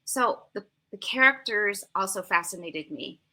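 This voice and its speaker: An American woman in her sixties, a language teacher, giving lively, emphatic explanations as an interview guest. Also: mid-range voice, unhurried. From United States. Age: 60s. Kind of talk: conversational interview answers.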